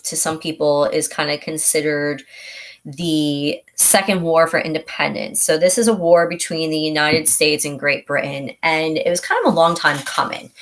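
A woman with a deep, low speaking voice leads a casual review lesson. She explains things in a conversational way, like telling a story, and sometimes acts out short quotes along the way. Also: fairly bright tone. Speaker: history teacher.

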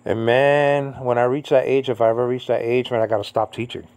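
A man in his fifties, from Puerto Rico, giving an informal Bible teaching, rambling with lots of "I mean, you know" and jumping to a high emphatic pitch on key points. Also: steady tone, a little fast, a little mellow, clear, resonant tone. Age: 50s.

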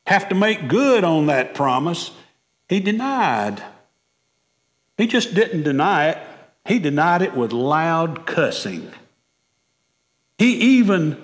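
Pastor, male, slow emphatic sermon delivery, slightly high voice, echoing sanctuary. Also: fairly bright tone. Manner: emphatic preacher, repeats words and asks questions. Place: church sanctuary. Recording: long reverb of a church sanctuary.

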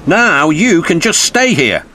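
A man doing a brisk, cheery workman. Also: on the high side, sing-song, bright, forceful tone, a little hiss or hum, pitched above the performer's own voice, full character voice. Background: background music.

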